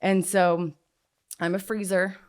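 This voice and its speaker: A woman with a notably low voice recounts her own story as an interview guest. She is candid and unfiltered, filling her speech with "like" and dropping swear words as she goes. She grew up in Southern California. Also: little pitch movement, takes it slowly, clear, resonant tone. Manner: frank and unfiltered, peppered with "like" and swearing. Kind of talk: recounting a personal story in casual conversation.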